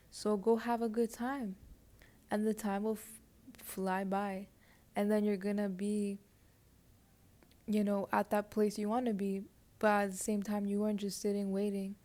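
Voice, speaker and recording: A young woman giving a casual tarot reading, chatty and rambling, full of likes and you-knows, sometimes dropping to a soft near-whisper. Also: medium pitch. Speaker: tarot reader.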